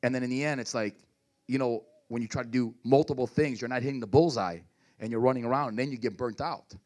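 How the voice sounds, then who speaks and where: A man's voice: mid-range voice, quick pace, darkish tone. A man preaching a sermon at a church service as pastor, calling out to the congregation and urging them to respond.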